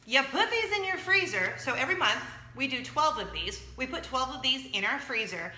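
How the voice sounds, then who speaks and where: A woman's voice: sits high, moderate pace. Bubbly chatty woman in a roomy space. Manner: chatty, excitable, jumps around. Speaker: show host. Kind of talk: casual sponsored chat.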